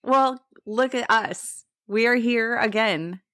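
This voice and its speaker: A woman's voice: fairly high pitch, slow pace, fairly bright tone, no room sound, studio quality. A woman co-hosting a podcast, telling a history story in a chatty way and correcting her own slips and pronunciations. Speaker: podcast co-host.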